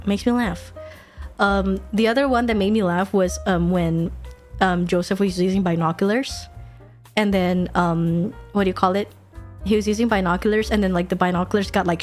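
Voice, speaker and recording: A woman streamer chatting casually while she draws, animated, swearing freely and laughing often. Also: medium pitch. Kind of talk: casual chat while drawing.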